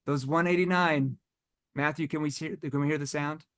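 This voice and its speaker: A man's voice: on the high side, steady tone, moderate pace, fairly bright tone, clear, resonant tone. A man leading a live online sales training, emphatic and firing rhetorical questions at his audience.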